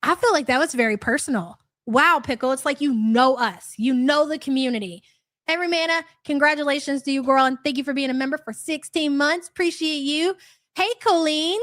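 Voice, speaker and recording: A woman's voice: high voice, a little fast, a bit bright, no room sound, clean studio sound. A young woman hosting a live reaction stream, blunt, sarcastic and profane as she comments and greets viewers. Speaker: streamer host.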